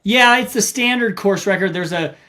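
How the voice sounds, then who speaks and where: A man's voice: sits high, moderate pace. A middle-aged man, an ultramarathon runner and coach, telling stories in a podcast interview and acting out what people said. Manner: animated storyteller, acts out quotes.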